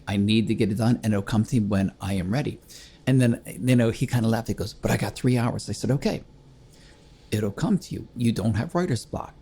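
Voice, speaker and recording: An older man with a gravelly, husky voice and a dark, mellow tone hosts a reflective monologue. He speaks earnestly and conversationally, a grieving widower who retells everyday anecdotes. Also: fairly low pitch. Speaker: host.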